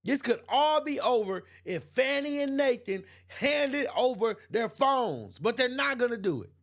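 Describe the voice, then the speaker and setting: A man's voice: very high-pitched, sing-song, a little slow, fairly bright tone. A man hosting an opinion livestream, reading chat comments aloud and answering them emphatically, often repeating himself and laughing. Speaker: host.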